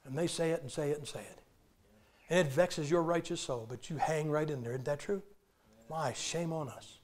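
A man's voice: a little high, normal speed, a little mellow, slight background noise. An older man preaching a humorous sermon in a church, folksy and joking as he acts out old movie scenes.

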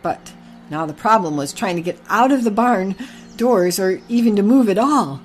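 A woman telling a children's barnyard story in a gentle, even reading voice. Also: medium pitch, moderate pace, soft background music.

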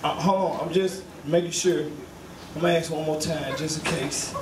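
A man doing stand-up in a live comedy lounge, loudly bossing the DJ and the audience, recorded from across the room. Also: fairly high pitch, sing-song, moderate pace, background noise. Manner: loud, bossing the DJ and crowd. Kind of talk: stand-up set. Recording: echoey club from far mic with music.

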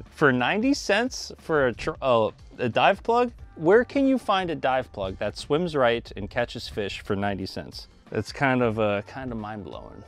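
A man hosting a fishing channel, talking casually to the camera from a small boat and later from his dock, excitable when fishing and calmer and chatty when cooking. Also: mid-range voice. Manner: excitable, yells and laughs when a fish bites; calm and chatty back at the dock. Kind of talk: casual vlog narration. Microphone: camera mic, later with a wind cover.

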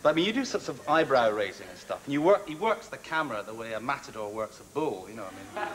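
A man, a guest impressionist, chatting animatedly on a talk show and slipping into quick mimicry. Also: medium pitch, sing-song, noisy background. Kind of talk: chat show banter. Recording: TV studio with reverb and loud audience.

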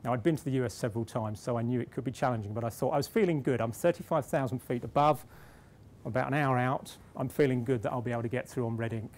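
This is a conference speech in which a middle-aged British man shares a self-deprecating anecdote, with restarts, and then turns to his main point. His mid-range voice is a little mellow, and the setting is a conference hall.

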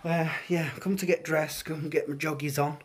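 A man's voice: on the high side, level tone, moderate pace, a little hiss or hum. A British man vlogging casually at home on a handheld phone, rambling with lots of fillers and restarts. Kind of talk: casual daily vlog chat. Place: at home, indoors.

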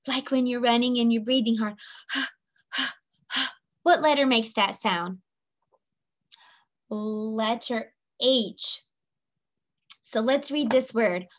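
A woman's voice: on the high side, takes it slowly, long pauses. A woman teaching phonics to young children, patiently sounding out letters, repeating them and cheering the listener on. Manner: encouraging, playful sing-song prompts.

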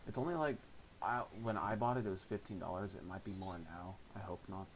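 A man's voice: low voice, a little fast, slight background noise, rough recording. A young man in his late teens streaming a game, chatting casually and swearing a lot at his friend. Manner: crude, swearing trash talk. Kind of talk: casual gameplay stream chat.

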